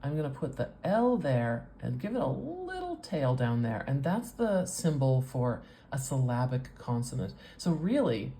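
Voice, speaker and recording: A woman with a North American accent, teaching as a speech coach with patient explanations and drawn-out sound demonstrations. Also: rumbling low, very animated, mellow, slight background noise. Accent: North American English. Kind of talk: teaching with a whiteboard demo.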